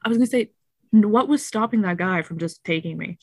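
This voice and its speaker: A woman's voice: medium pitch, a little fast, dry recording. A woman telling a story in casual chat, acting out the people in it and swearing freely. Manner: animated, acts out quotes, swears often.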